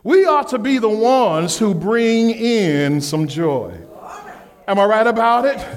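High-voiced preacher working the congregation. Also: male voice. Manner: call-and-response questions to the congregation, acts out whiny voices. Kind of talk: sermon with storytelling.

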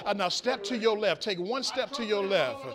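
Male pastor, high voice, call-and-response preaching that swings from soft to loud. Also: animated, normal speed, crowd noise. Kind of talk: sermon with a live illustration.

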